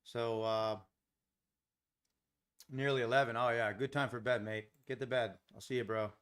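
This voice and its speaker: A man's voice: medium pitch, fairly even intonation, moderate pace, a bit bright, clean tone. An American man hosting a live trading stream, talking casually and rambling with lots of fillers while he chats with viewers. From United States. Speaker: livestream trading host.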